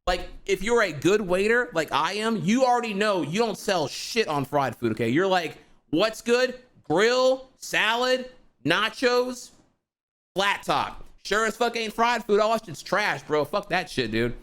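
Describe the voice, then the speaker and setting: A man's voice: sits high, very animated, measured pace, fairly bright tone. A young man ranting heatedly to his stream audience, profane and rambling, full of fillers like "dude" and "bro". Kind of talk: casual ranting monologue.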